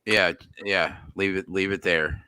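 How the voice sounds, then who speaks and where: A man's voice: deep voice, fairly even intonation, measured pace, sharp tone, clean tone, dry recording. A man co-hosting a casual betting podcast, asking questions in an easygoing way.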